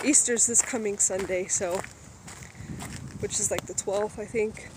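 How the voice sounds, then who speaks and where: A woman from Ohio rambling casually while she films a walk in a park on a handheld phone, a bit out of breath from walking fast. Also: medium pitch, fairly even intonation. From Boardman, Ohio. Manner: rambling, chatty, laughs often. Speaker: vlogger. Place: outdoor park, windy day. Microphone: handheld phone camera while walking. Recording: loud outdoor wind noise.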